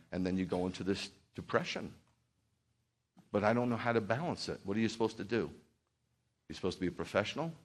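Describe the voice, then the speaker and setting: A middle-aged man preaching as a pastor in a church, heartfelt and rambling at first, then building to fervent exhortation. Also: deep voice. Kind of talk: sermon.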